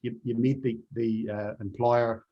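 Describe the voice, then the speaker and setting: A man's voice: medium pitch, flat delivery, measured pace, highs cut off. A man being interviewed as a presentation skills trainer, answering in an earnest conversational way and repeating key words for emphasis.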